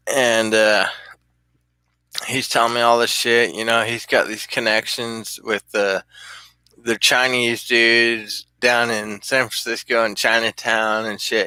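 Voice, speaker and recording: A man's voice: mid-range voice, bright, forceful tone, no echo. A middle-aged man telling rambling, profane stories in a casual vlog and laughing often. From California. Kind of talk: casual storytelling.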